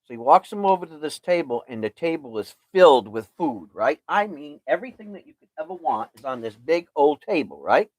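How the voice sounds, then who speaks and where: Male host, casual rambling storyteller, animated intonation, dry sound. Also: on the high side, fairly quick, hardly any pauses, dry recording. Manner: rambling retelling, fills with "right?". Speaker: show host.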